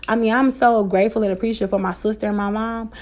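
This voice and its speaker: A woman's voice: mid-range voice, steady tone, quick pace, a little mellow. Candid woman with a Black American vernacular accent. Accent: African American Vernacular English. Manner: candid, emotional, swears freely, laughs often. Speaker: podcast host. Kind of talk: casual personal podcast monologue.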